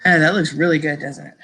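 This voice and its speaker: A woman's voice: low voice, a bit bright, husky. A woman hosting a casual live stream, chatting and rambling to her viewers, laughing often and saying y'all.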